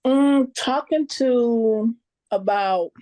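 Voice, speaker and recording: A woman with a slightly high, dark-toned voice speaks very slowly, with no room sound. As a guest team member on a business conference call, she gives a casual testimonial about her story, earnest, plain-spoken and a bit nervous.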